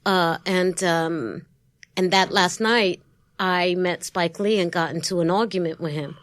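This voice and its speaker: A woman with a Brooklyn New York accent, a guest in a studio interview, telling stories in a lively way and acting out the voices of the people she quotes. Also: lowish voice, measured pace, no echo. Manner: lively storyteller who acts out quoted voices and laughs often. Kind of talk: casual interview storytelling.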